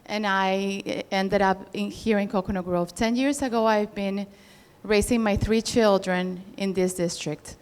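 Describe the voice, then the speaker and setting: A middle-aged woman giving an earnest, measured campaign speech as a political candidate. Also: medium pitch, fairly even intonation, a little mellow, smooth. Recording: hall reverb.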